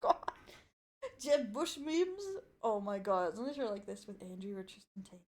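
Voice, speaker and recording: A woman's voice: mid-range voice, lively intonation, normal speed. An Australian woman, a VTuber, chatting casually through a reaction video with loose, giggly, swearing remarks.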